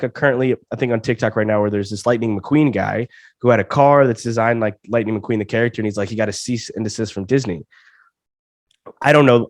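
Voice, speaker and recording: A man's voice: on the low side, no room sound, studio quality. A young man in his twenties from Alabama, a comedian guest on a casual interview, feeling sick and often stammering over restarts. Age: 20s. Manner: stammering restarts, repeats words.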